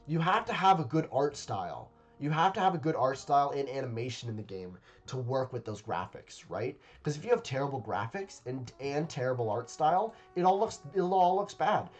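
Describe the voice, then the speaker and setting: Man, casual reaction commentary, rambling, hesitant, mid-pitched voice, faint music behind. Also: a little mellow. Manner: rambling and hesitant, many fillers and repeats. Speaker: video creator reacting to a game trailer. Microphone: webcam setup.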